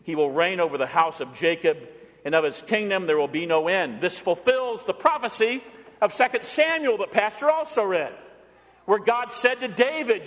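Animated high-voiced male preacher in a hall. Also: normal speed. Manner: animated, asks the congregation questions. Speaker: pastor. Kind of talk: sermon. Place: church sanctuary.

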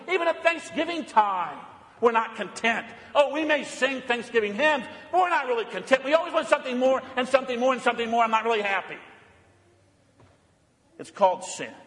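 A man preaching a sermon as pastor, earnest and fervent, swinging between emphatic lines and hushed, low passages. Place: church sanctuary. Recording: long reverb of a church hall.

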